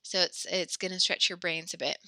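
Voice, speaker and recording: A woman teaching a French lesson in a very bright, crisp voice. She explains the grammar patiently and step by step, and praises her students along the way. The sound is dry and close. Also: lowish voice, level tone, a little fast, no echo. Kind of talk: classroom teaching.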